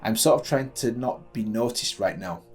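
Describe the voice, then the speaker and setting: A man's voice: medium pitch, animated, normal speed, natural voice. Man reading shy anxious young mage girl, meek, pleading, faint music behind.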